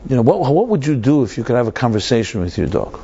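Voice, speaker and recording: A man's voice: mid-range voice, big pitch swings, fast talker, warm tone, a little hiss or hum. A man voicing a scheming village priest in a told story, coaxing and insistent, on a dull lo-fi recording.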